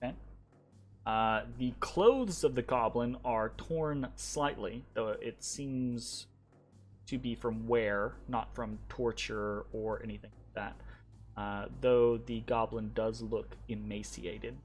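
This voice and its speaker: A game master narrating a tabletop game in an unhurried, hesitant way, with fillers and asides to the players. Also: mid-range voice, soft background music.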